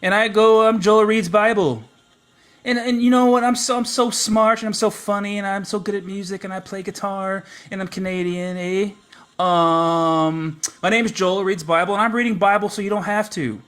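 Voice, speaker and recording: A man voicing a boastful, self-satisfied Canadian man in a mocking, sing-song impression with drawn-out "eh"s. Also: high voice, steady tone, fairly bright tone, voice pushed up.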